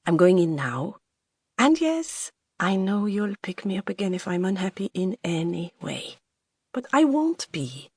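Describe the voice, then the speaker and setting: Audiobook: woman voicing an earnest, proud young woman, faint French accent, lifted brighter pitch. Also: very animated, unhurried, breathy edge, dry recording, studio quality, heavily acted. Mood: cheerful.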